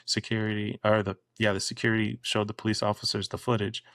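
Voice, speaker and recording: A man co-hosting a podcast, casually retelling news stories in an animated way and briefly mimicking the people in them. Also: on the low side, fast, no echo, studio quality. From Florida. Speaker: podcast co-host. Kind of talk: casual chat.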